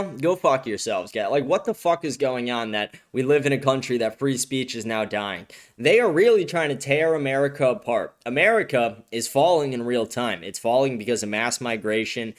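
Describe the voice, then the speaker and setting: A young man hosts a livestream and rants in angry, profane bursts. His throat is a little sore, and his voice sits at an ordinary middle pitch. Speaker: host. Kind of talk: livestream political commentary.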